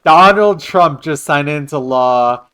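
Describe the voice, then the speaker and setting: Male game streamer, playful and chatty, clear tone. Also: fairly high pitch, expressive, slow, a bit bright. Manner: joking, chatting with viewers. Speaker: livestreamer. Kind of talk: casual gaming livestream chat.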